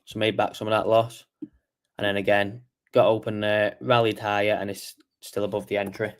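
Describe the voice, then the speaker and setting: A man's voice: fairly low pitch, level tone, normal speed. A man hosting a casual market review stream, tired and yawning as he walks through charts and answers chat questions. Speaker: trading show host.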